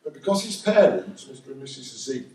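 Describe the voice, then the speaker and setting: A man's voice: medium pitch, big pitch swings, fairly quick, darkish tone. A man with a Northern English accent doing a stand-up comedy set in a dry, wry manner, recorded live at a comedy venue. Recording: roomy live recording from a distance.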